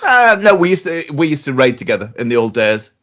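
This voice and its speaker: A man's voice: medium pitch, very animated, fairly quick, fairly bright tone. A man, co-hosting a casual podcast and telling rambling stories full of fillers and restarts. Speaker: podcast co-host. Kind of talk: casual chat.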